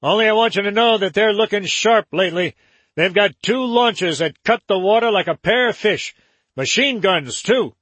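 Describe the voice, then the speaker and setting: A man voicing a wary male barge keeper with a sharp nasal tone in a story reading. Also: sits high, animated, normal speed, husky, dry recording, voice pushed up, full character voice.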